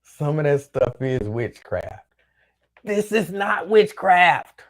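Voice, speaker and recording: A man's voice: on the high side, sing-song, slow. A man hosting his own show, chatting casually on his own and reading out viewer comments in a loose, rambling way that repeats itself. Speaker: show host.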